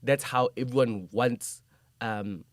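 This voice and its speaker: A man's voice: medium pitch, slow, no echo. A man hosts a podcast, his voice sitting in a middle range and sounding close and dry. He talks earnestly and reflectively, hammering his points home by repeating them. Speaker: podcast host. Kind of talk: casual conversational interview.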